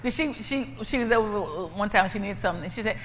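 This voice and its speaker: Woman preacher, testimony style, emphatic and repetitive, lively pitch, hall reverb. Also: fast. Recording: echoey hall, faint ambient noise.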